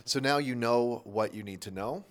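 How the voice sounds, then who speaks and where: A man's voice: medium pitch, moderate pace. A male teacher giving a short, casual history lesson, talking conversationally with asides and self-corrections. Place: local area near Salt Lake.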